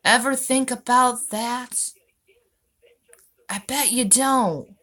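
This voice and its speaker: A woman's voice: fairly high pitch, takes it slowly, bright, forceful tone. A woman hosting her own channel, answering viewer comments in a sarcastic, mocking tone. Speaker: channel host. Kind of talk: vlog reacting to viewer comments.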